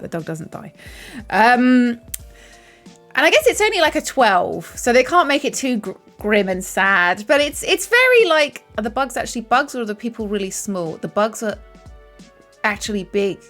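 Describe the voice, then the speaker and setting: A woman's voice: mid-range voice, very animated, moderate pace, a bit bright, soft background music. A young woman chatting casually to her stream, rambling and swearing casually. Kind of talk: casual chat to a live stream.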